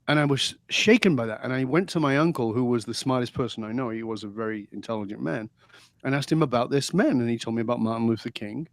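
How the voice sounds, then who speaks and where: A man's voice: mid-range voice, dry recording. A middle-aged man from England, a podcast guest telling his life story with animation and acting out remembered lines. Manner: animated storyteller, acts out quotes. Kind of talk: storytelling interview.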